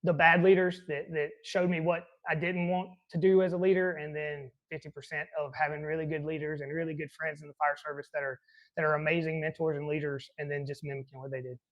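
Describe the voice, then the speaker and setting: A man's voice: fairly high pitch, level tone, fast talker, low-quality recording. A man who is a fire captain, answering interview questions earnestly and reflectively, with many restarts. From American South.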